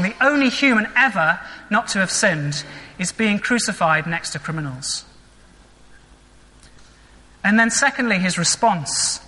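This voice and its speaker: Vicar preaching, earnest, lots of rhetorical questions, bright tone, long church echo. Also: medium pitch. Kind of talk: sermon. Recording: long echoing church reverb.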